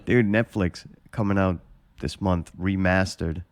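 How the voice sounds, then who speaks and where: A man's voice: sits low, fairly even intonation, measured pace. A man hosting a podcast, telling a long, profane, rambling story in casual chat. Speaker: podcast host.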